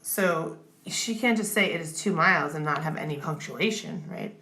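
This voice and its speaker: Her voice is low-pitched, animated, pushed and bright as she tutors grammar at a moderate pace, with slight background noise. She walks through each step patiently, frequently asking "okay?" or "right?" to check on the listener.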